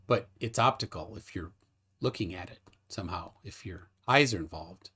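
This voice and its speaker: A man's voice: low-pitched, bright, forceful tone, husky. A man hosting a livestream debate in casual chat, reading out viewer comments and asking his guest questions with a bantering, teasing manner. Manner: bantering, questioning, quick laughs.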